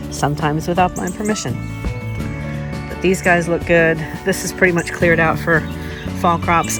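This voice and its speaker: A low-voiced woman chats her way through a casual outdoor garden tour, filmed on a handheld camera. Loud music plays under her voice. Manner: chatty, talks fondly to her dogs in a high baby voice. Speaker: home gardener vlogger.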